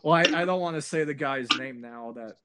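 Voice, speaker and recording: A man hosting a podcast in casual chat, agreeable and quick to laugh loudly. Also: on the high side, crowd noise. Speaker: podcast host.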